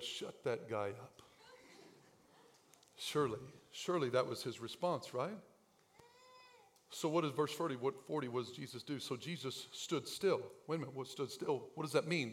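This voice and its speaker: A man pastor preaching a sermon in a church, swinging from quiet asides to shouted lines. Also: medium pitch, normal speed.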